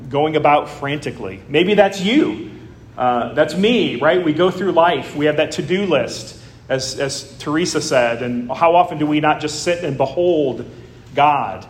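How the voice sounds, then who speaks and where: Male pastor, sermon, higher-pitched voice, conversational with "uh" fillers, faint background hum. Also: roomy sound. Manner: conversational preaching with frequent "uh" fillers.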